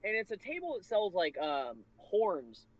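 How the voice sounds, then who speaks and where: A man casually telling a rambling, animated convention story with laughs and restarts. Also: high voice, measured pace, slightly rough, no room sound. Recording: lo-fi muffled recording.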